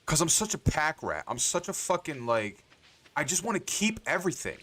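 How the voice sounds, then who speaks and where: A man's voice: a little high, big pitch swings, normal speed, pushed and bright, slight background noise. A man livestreaming a farming game, rambling to himself and swearing often in casual commentary.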